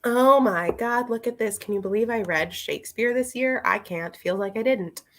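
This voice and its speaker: A woman's voice: a little high, normal speed, fairly bright tone. A woman in a casual book review chat, rambling and chatty, with many fillers and asides, talking straight to her viewers. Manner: talks to her viewers and a friend directly.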